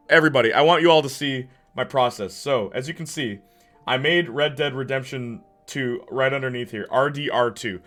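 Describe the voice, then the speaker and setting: Guy streamer reading chat and riffing, mid pitch, faint music in the back. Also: bright, forceful tone. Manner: chatty, reads and answers chat aloud. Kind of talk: casual live-stream chat.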